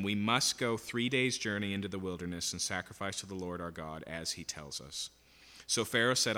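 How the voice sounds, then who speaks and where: A man's voice: lowish voice, sharp tone. A man teaching a Bible passage verse by verse in a conversational way, often checking in with "okay?" and "right?". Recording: long hall reverb.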